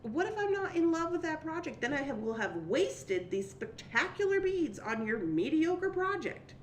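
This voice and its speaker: Chatty young woman host, animated voice, faint hiss behind her. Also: high-pitched, normal speed, reverberant. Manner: chatty, laughs often, reads viewer comments aloud. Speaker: livestream host. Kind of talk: casual chat.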